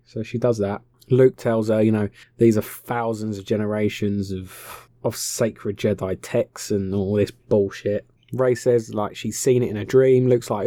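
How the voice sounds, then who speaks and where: A man's voice: on the low side, fairly even intonation, moderate pace, mellow, no room sound, studio quality. A young man giving a casual, sarcastic film recap. He swears freely and mockingly acts out the characters' lines.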